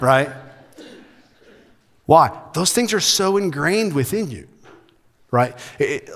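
A man preaching a sermon as pastor, emphatic, shifting between loud, urgent passages and soft, intimate ones. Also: a little high, expressive, slow pace, long pauses. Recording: hall reverb.

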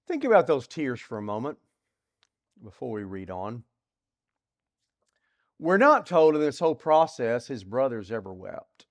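A man teaching through a Bible passage in a sermon, asking rhetorical questions and swinging between loud and soft. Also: medium pitch, very animated, a little slow, long pauses. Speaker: preacher.

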